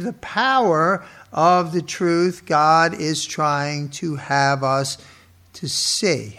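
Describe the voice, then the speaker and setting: Man, preacher, slow sermon delivery, slightly high voice, rhetorical questions. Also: fairly bright tone. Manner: slow, emphatic listing of words. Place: in front of an audience.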